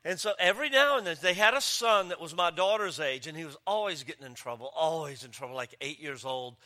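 A man preaching a sermon as pastor, joking and telling stories with lively delivery. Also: fairly high pitch, brisk. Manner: joking, animated storytelling with voices. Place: church campus.

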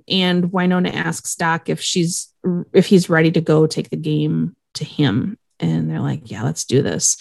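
A woman's voice: on the low side, gravelly, no room sound, clean studio sound. A woman co-hosting a casual podcast, recapping a TV episode in a rambling way with lots of fillers and the odd swear word. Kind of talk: casual chat.

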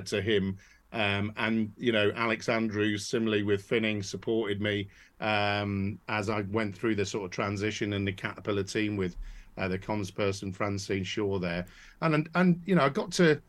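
A man's voice: on the low side, steady tone, normal speed. Chatty man telling his story. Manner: rambling, many restarts and fillers. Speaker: podcast guest. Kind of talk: casual interview storytelling.

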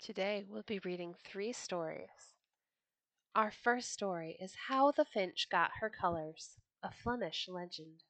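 A woman reading old storybooks aloud for children, lively and expressive as she lifts her voice for the characters. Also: mid-range voice, unhurried, no room sound. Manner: expressive, raises her voice for quoted birds.

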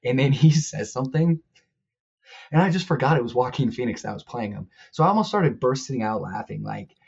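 A man's voice: mid-range voice, lively intonation, brisk, vocal fry, darkish tone, breathy edge, muffled recording. A man who is a guest on a movie podcast, talking in a rambling way with crude jokes. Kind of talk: casual movie chat.

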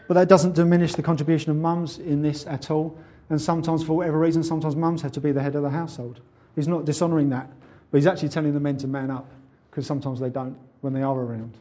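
A man's voice: fairly high pitch, fairly even intonation, quick pace, dark tone, highs cut off. A man preaching a sermon in an earnest, conversational way. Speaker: pastor.

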